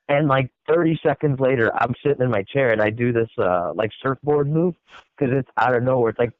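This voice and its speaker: A man hosts a podcast in relaxed conversation, speaking quickly in a medium-pitched voice, swearing often and acting out quotes in a raised voice. The recording is dry and tinny, like a phone line.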